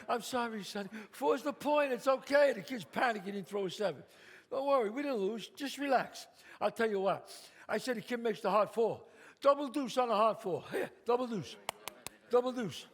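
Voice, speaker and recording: A man playing a loud, bossy, profane mob boss in a one-man stage show. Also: very high voice, animated, a little fast. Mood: urgent. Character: brash swaggering mob boss man, middle-aged. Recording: live stage, long reverb, faint ambience.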